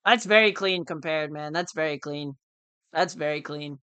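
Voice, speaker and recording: Bright, crisp man chatting on a live stream. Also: a little high, moderate pace, dry recording. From United States. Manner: laid-back slangy talk, repeats phrases, calls listeners dude and bro. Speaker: live-stream day trader. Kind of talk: casual live-stream chat.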